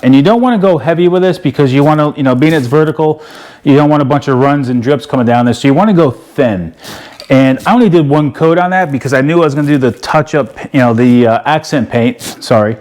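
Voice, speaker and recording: A man's voice: a little high, a little fast, a little mellow. Folksy rambling man explaining a DIY project. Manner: folksy, rambling, lots of "you know" and "uh". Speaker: DIY video host. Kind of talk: casual how-to walkthrough.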